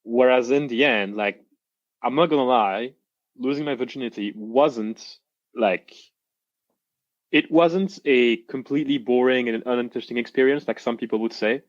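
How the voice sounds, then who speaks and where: A young man, a coaching client, telling his story in a casual interview with halting restarts, reenacting what others said. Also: mid-range voice, no echo, muffled recording.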